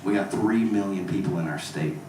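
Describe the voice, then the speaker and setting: A stand-up comedian from Mississippi doing a crude, profane routine, with deadpan asides to the crowd. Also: male voice, low voice, brisk, slight background noise. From Mississippi, USA. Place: comedy club stage. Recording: echoey club recorded from far off.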